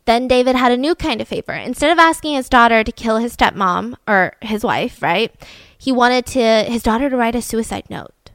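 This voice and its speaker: A woman's voice: a little high, animated, moderate pace, fairly bright tone, dry recording. A young woman telling a true crime story casually, chatty with lots of "like".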